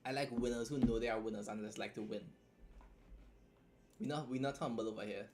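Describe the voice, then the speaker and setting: Speaking at a medium pitch in a steady tone, with background noise behind him, a Trinidadian livestream host and writer chats casually. He reacts and reads a story aloud, blunt and joking, swearing freely and making fast asides.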